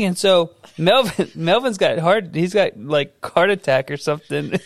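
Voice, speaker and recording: A man's voice: sits high, normal speed, few pauses, dry recording, clean studio sound. A man co-hosting a podcast, telling a story in casual chat and laughing often as he goes. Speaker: podcast co-host.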